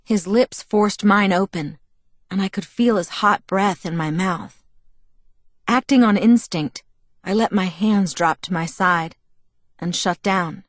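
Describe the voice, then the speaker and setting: A woman narrating a first-person novel as an audiobook, measured and expressive. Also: mid-range voice, no room sound.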